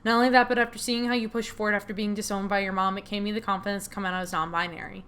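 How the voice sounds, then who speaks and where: A woman voicing a gentle, supportive young friend in a game, encouraging and warm. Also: medium pitch, little pitch movement, rapid-fire, clear, resonant tone, close to an everyday voice.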